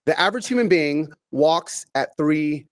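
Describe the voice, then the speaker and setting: A middle-aged man delivering a motivational keynote to a virtual audience, with a slightly higher voice than most men. He talks in an animated, chatty way, restarting phrases and repeating words. For emphasis he stretches key words out slowly, one at a time. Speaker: keynote speaker.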